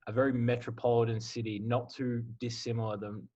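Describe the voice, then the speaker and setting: The audio is dull as a young Australian man, a college football player in his twenties, guests on a laid-back podcast. He talks briskly at medium pitch, candid and easygoing, with plenty of "like" fillers.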